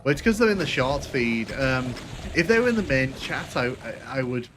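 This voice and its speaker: A man chatting loosely through a live gameplay stream, his voice of ordinary middle pitch. He talks in halting bursts full of fillers and restarts as he answers viewers. A faint hum sits behind him. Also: sing-song, a bit bright. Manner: rambling, hesitant, many restarts and fillers. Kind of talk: casual live gameplay commentary.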